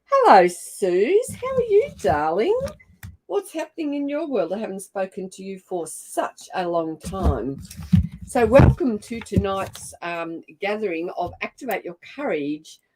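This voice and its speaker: A woman's voice: mid-range voice, big pitch swings, a little slow, darkish tone, breathy edge. An older woman with an Australian accent, hosting a casual livestream and greeting viewers by name in an effusive, chatty way. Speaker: livestream host. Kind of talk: casual live-stream chat.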